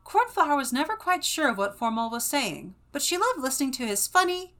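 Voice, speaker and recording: A woman's voice: high-pitched, very animated, brisk, hardly any pauses, sharp tone. A woman from California, co-hosting a podcast, recapping a book in casual chat and laughing often. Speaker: podcast co-host.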